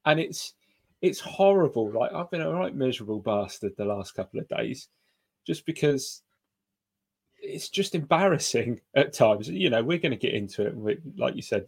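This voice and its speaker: A man's voice: medium pitch, darkish tone, breathy edge. A man from England producing a sports podcast, rambling and laughing as he chats, with some swearing. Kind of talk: casual chat.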